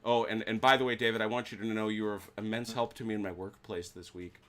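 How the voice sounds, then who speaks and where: A man's voice: fairly low pitch, flat delivery, quick pace, a bit bright, slight background noise. An American man hosting a tabletop wargame session, chatting casually and telling stories, often stammering as he restarts his sentences. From United States. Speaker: game host.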